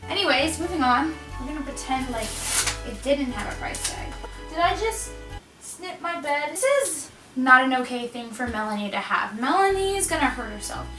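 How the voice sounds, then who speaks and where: Young woman, high voice, rambling self-mocking chatter, echoey room, off-mic, music behind. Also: expressive, moderate pace, far from the mic. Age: young adult. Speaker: vlogger. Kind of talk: casual chat while wrapping gifts. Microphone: camera mic.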